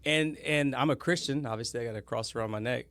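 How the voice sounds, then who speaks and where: A man's voice: medium pitch, quick pace, a bit bright, no room sound. A man speaking as a podcast guest in a casual chat, rambling and often stopping to correct himself. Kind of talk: casual conversation.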